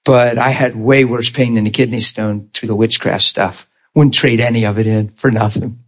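A man with a mid-range voice preaches his testimony at normal speed, telling it like a conversational story. He's animated and laughs often, acts out the voices he quotes, and tosses rhetorical questions and asides to his listeners.

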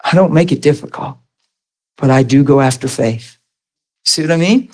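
A man's voice: a little high, moderate pace. A middle-aged man preaching a sermon, telling a personal story and acting out the voices in it. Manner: animated storyteller, acts out voices, laughs.

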